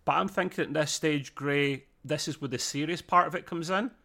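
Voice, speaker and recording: A man co-hosting a podcast, reviewing a TV episode in lively casual chat, laughing often. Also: on the high side, moderate pace, gravelly. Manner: animated, laughs often, slips into mimicry. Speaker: podcast co-host.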